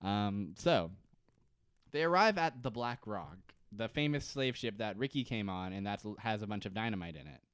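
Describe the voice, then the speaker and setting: Podcast guy rambling thru an episode recap, joking around, smooth clear voice, dry mic. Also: on the low side, expressive, fairly bright tone, dry recording. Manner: rambling, laughing, quick to joke. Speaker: podcast co-host. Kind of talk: casual chat recapping a TV episode.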